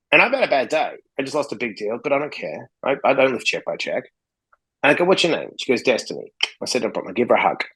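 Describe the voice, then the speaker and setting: Man from australia, blunt storyteller, swears often, middle pitch, acts out dialogue. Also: fairly bright tone, breathy edge, rough recording. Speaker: podcast guest, interventionist. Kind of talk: casual interview storytelling.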